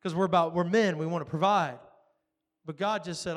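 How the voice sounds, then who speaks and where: In a fairly quick, somewhat high voice, a man preaches through stories. He acts out the characters' lines with animation and laughs a lot along the way.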